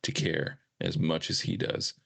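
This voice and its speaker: A man's voice: measured pace, dry recording. A man co-hosting a podcast, talking about a film in loose, rambling and profane banter. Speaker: podcast co-host. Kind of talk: casual chat.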